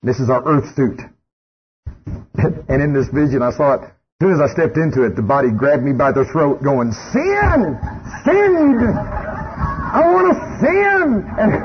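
A man's voice: medium pitch, fairly even intonation, moderate pace, a little hiss or hum. A man preaching a sermon in a church, folksy and storytelling, with frequent rhetorical questions. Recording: dull lo-fi sermon tape.

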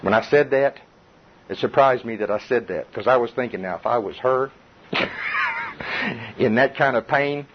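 A middle-aged man preaching to a Bible study group in a lively, conversational way, with chuckles and repetition. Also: medium pitch, moderate pace, pauses often, slightly rough. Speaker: pastor. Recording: dull muffled recording.

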